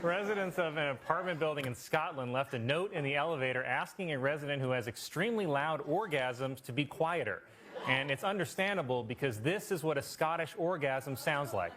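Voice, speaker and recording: A man as a comedy news anchor, delivering satirical headlines with crisp setups and punchlines. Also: on the high side, expressive, fairly quick. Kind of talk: satirical news desk jokes. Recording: loud background noise.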